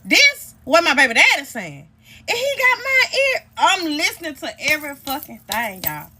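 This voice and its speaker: A woman's voice: high-pitched, huge pitch swings, moderate pace, pushed and bright. A woman telling a heated, profane story to her viewers in a storytime vlog, recorded on a phone.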